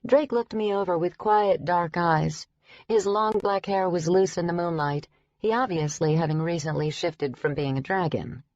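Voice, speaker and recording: A woman narrating an urban fantasy audiobook in the first person, in a brisk storytelling manner. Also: on the low side, darkish tone, no echo, dull audio. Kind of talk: scripted narration.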